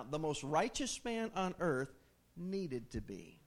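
A man preaching a sermon in an animated, conversational way, posing questions to his listeners. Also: a little high, slow pace.

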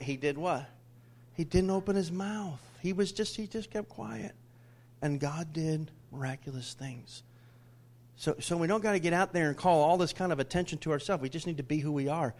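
A middle-aged male preacher, medium in pitch, gives a spirited sermon. He leads the congregation in call-and-response, moving back and forth between loud declarations and whispered asides.

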